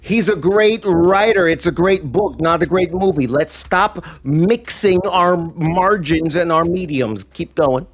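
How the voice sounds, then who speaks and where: A man on a comedy entertainment news show, giving blunt, loud hot takes. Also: a little high, a little slow, hardly any pauses. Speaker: panelist.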